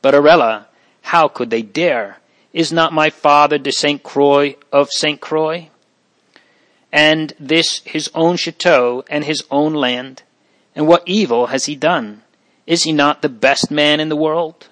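A man's voice: a little high, takes it slowly, fairly bright tone, dry recording, pitched above the performer's own voice, low-quality recording. A man voicing a frightened, tearful young girl in an audiobook reading, speaking in earnest, distressed pleas.

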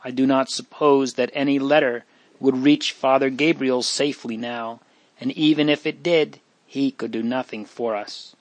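A man reading aloud voices a caring young girl who pleads earnestly, lifting his pitch. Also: steady tone, moderate pace, no room sound, close to an everyday voice. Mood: worried. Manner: raised pitch, emotional pleading.

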